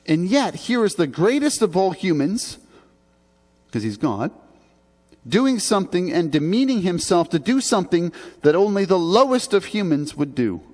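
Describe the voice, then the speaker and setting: A man's voice: high voice, big pitch swings, moderate pace, a little mellow. A man preaching a sermon as a pastor, in an earnest, conversational way with emphatic rises on key points. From Canada. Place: church sanctuary. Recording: long church reverb.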